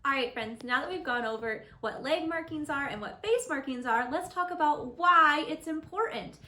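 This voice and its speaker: A woman gently and patiently teaching children a lesson on horses and reading them a storybook aloud. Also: high voice, animated, normal speed, long reverb tail, a little hiss or hum. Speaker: children's horse program instructor.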